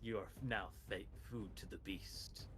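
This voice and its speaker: A man voicing a menacing male monk villain in a tabletop game, low and threatening. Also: fairly even intonation, measured pace, fairly bright tone, slight background noise.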